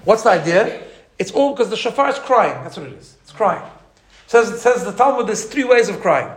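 High-voiced man giving a lively teaching talk. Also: normal speed. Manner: animated, imitates shofar sounds, restarts often.

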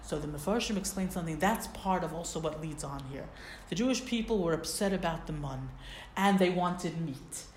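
Woman explaining a torah lesson, chatty and animated, words, echoey room w/ faint hiss. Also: on the low side, moderate pace. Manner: conversational, expressive, asks rhetorical questions. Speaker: Torah teacher. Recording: roomy echo, faint background noise.

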